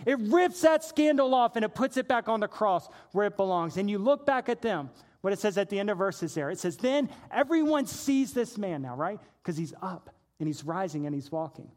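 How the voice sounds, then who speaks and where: Animated male preacher, 40s, higher voice, playful storyteller. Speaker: pastor. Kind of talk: sermon with personal storytelling.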